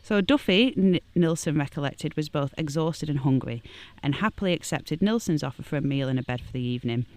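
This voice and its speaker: A woman's voice: sits low, expressive, a little fast, hardly any pauses, a little mellow, no room sound. A woman, a podcast guest who swears freely and laughs easily, chatting and reading out a true-crime account in a garden. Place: a home garden outdoors.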